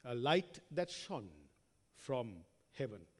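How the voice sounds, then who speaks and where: A man preaching a sermon who reads scripture aloud, asks the listeners rhetorical questions and calls them friends, with strong shifts between loud emphasis and quiet trailing words. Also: medium pitch, very animated, slow. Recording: long hall reverb.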